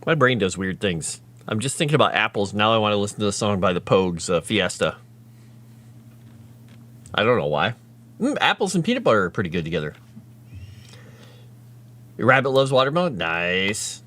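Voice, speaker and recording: A man's voice: lowish voice, big pitch swings, moderate pace, long pauses, a bit bright. A man chatting casually on a livestream, rambling and answering viewers' chat. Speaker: streamer.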